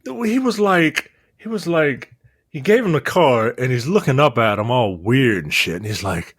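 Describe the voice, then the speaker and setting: A man's voice: normal speed, slightly rough, dry recording, studio quality. A man co-hosting a casual film review podcast, talking expressively with laughing asides. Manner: expressive, laughing asides, bursts into high-pitched impressions. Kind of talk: casual chat.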